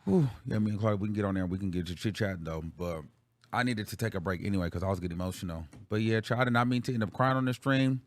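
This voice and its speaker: A man's voice: on the low side, fast talker. A man hosting a livestream, talking casually and bluntly to his viewers with plenty of profanity. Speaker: livestream show host.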